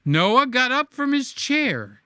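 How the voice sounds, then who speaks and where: A man's voice: extremely high pitch, very animated, pushed and bright, smooth, dry recording, clean studio sound. A man hosting a casual live-stream, reading viewer comments aloud and teasing them in a playful, sing-song way. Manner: sing-song, drawn-out emphasis.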